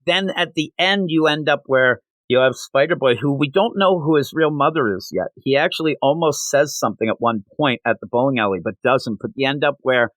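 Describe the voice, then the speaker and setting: Guy rambling through a comic recap on a podcast, dry close mic, gets animated and does little voices. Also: medium pitch, brisk, hardly any pauses, dry recording. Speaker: comic review podcast host. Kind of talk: casual comic book review chat.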